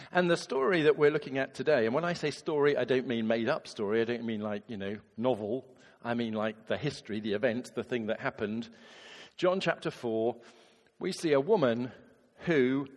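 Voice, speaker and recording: A man, a vicar giving a chatty, animated sermon and acting out quotes in different voices. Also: medium pitch, in a large hall. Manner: lively, conversational preaching with acted-out quotes.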